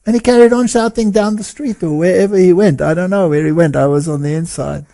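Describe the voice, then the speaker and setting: A man telling a story in an interview as a lecturer, animated and often chuckling as he talks. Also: high voice, fast, gravelly. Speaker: guest speaker and lecturer.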